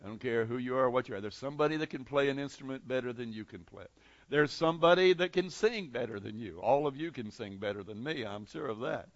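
A pastor preaching a sermon to his congregation, swinging between loud declarations and soft, intimate passages. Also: medium pitch, animated, fast talker, no echo, highs cut off. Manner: impassioned preaching with dramatic swings in volume.

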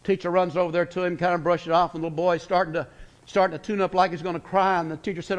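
A man preaching a sermon, folksy and storytelling, slowing down for emphasis then speeding up. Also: high-pitched, level tone, dull audio. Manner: folksy storytelling preacher, pace swinging slow and fast.

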